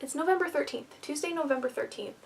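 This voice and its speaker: A woman's voice: sits high, fast, far from the mic, a little hiss or hum. A young woman vlogging to camera, nervous and rambling, a little out of breath. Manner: nervous, rambling, self-deprecating, with filler words. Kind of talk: casual vlog talk to camera.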